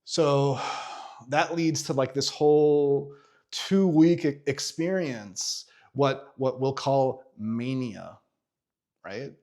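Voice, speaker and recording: A man in his thirties tells his own story straight to the camera, candid and animated, with lots of fillers and restarts along the way. His voice is mid-pitched, and he swears freely. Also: takes it slowly. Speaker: vlogger.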